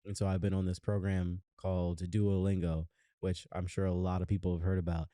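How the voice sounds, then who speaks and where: Young male podcast co-host, low dark voice, loose rambling chat, dry mic. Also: level tone, a little fast, no echo. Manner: rambling, lots of fillers and restarts. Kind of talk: casual chat.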